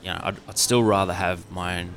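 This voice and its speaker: A man's voice: low voice, fairly even intonation, a little fast, fairly bright tone, a little hiss or hum. A man in his thirties with an Australian accent, chatting casually and rambling with lots of fillers. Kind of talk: casual chat.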